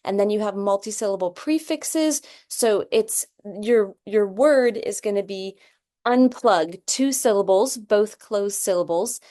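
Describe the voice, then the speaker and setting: A woman walks parents through a phonics check like a patient reading teacher. She sounds out each example word slowly and carefully, with an ordinary mid-range pitch. She keeps pausing to check in with a quick "okay?". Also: dark tone. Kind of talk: explaining a phonics assessment.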